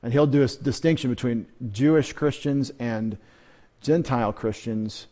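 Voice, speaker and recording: A man's voice: mid-range voice, normal speed, dark tone. A man pastor giving a midweek Bible teaching sermon, conversational and rambling, with asides and restarts.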